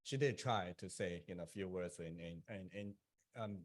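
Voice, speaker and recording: A man speaking as an author on a panel, telling lively anecdotes to an audience and laughing at his own jokes. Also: low voice, moderate pace. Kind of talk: panel discussion. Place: public event, speaking to an audience.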